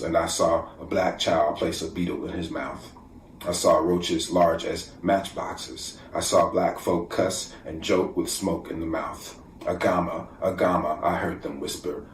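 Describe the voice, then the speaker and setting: A man with a very low voice reads his poems slowly and deliberately, now and then sinking toward a whisper. He sounds set back from the microphone in an echoey room at home, with a faint hiss of background noise. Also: distant mic. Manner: measured, deliberate reading, dropping to a near whisper at times. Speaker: poet. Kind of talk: poetry reading. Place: room at home, virtual festival.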